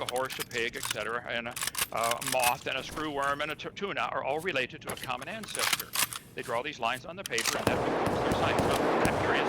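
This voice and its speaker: A man argues his case in a debate, firing off one rhetorical question after another. His voice sits a little high. Loud gunfire from a game plays behind him. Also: very noisy. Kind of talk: debate argument.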